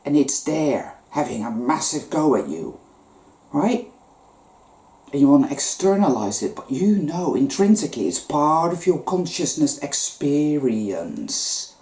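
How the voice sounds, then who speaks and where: A woman with a low, mellow voice talks through a spiritual monologue in an earnest, conversational way, swearing freely. Her pitch rises and falls a lot, and an echoey room surrounds her. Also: big pitch swings, unhurried. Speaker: spiritual vlogger.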